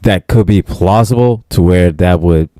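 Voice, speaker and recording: A man's voice: deep voice, a little slow, dark tone, no room sound, clean studio sound. A man co-hosting a casual livestream chat, agreeable and explaining at length.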